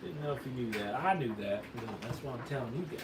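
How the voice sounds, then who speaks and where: A fast-talking man with a medium-pitched, expressive voice hosts a fireworks video. He adopts a put-on Southern drawl, joking in a folksy manner as he rambles through a hands-on demo for a camera operator. Picked up by the camera mic, the audio is distant and roomy with faint noise.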